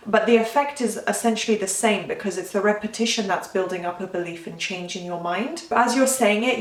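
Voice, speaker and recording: Woman, vlogging coach, chatty and self-correcting, mid pitch, roomy distant sound. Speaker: manifestation coach. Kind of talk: casual talking-head advice.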